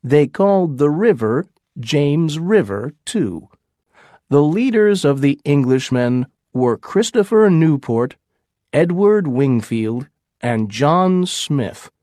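A man narrating a graded-reader audiobook for learners in a slow, clear reading voice. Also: fairly high pitch, lively intonation, warm tone, dry recording, studio quality.

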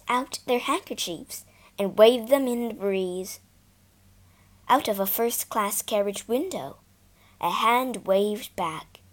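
A woman narrating a children's storybook slowly and expressively. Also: medium pitch. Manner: slow and expressive.

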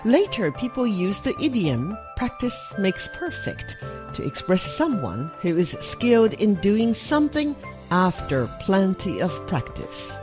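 A storybook narrator telling a tale slowly and deliberately. The voice has a lively, lilting melody. Clear music plays beneath. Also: medium pitch. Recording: music behind.

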